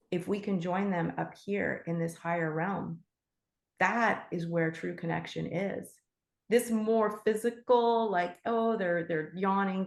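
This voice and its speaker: Gentle, slightly gravelly woman teaching. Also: on the low side, roomy sound. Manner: gentle, heartfelt, with fillers and restarts. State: emotional. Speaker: animal Reiki teacher. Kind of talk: casual spoken teaching.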